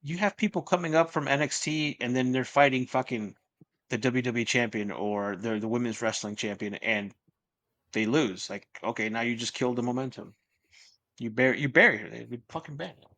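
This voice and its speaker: A man's voice: medium pitch, fairly quick. A man in a casual chat, telling stories and swearing freely. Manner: profane, animated storytelling.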